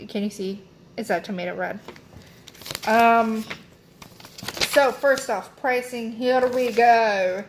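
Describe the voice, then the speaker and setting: A woman's voice: on the high side, takes it slowly, long pauses, a little hiss or hum. A young woman chatting casually as she unboxes beauty products, rambling with lots of fillers and self-corrections. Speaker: beauty vlogger.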